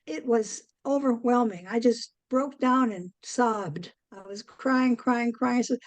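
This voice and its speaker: An older woman, a guest in an interview, telling a long story in a rambling way, with many pauses and "um"s. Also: on the high side, no room sound, highs cut off. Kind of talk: casual interview chat.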